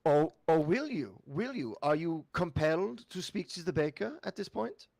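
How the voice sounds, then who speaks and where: A man's voice: on the high side, very animated, normal speed, gravelly, darkish tone, no room sound, pitched above the performer's own voice, full character voice. A man playing an awkward, bookish male scholar of magic who speaks in formal, stilted sentences. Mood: fussy. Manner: formal, fussy, stilted phrasing.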